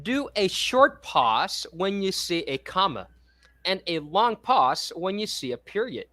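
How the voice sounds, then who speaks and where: A woman's voice: on the low side, very animated, measured pace, a bit bright, dry recording. Giggly Filipino woman reading quiz items. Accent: Filipino English. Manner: cheerful, giggly, reads quiz items aloud. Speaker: online reading tutor. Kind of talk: playful co-hosted lesson.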